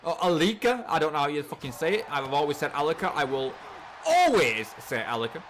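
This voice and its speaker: An English man casually commentating a wrestling game on a live stream, excitable and swearing freely, often repeating his words. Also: on the high side, a little fast, slight background noise. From England.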